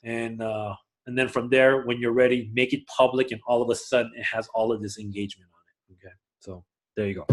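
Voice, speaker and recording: A man teaching a live class to a room of people, energetic and often checking that everyone is following. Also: fairly quick. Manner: energetic, swings loud and high when excited; asks the room for agreement. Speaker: class instructor.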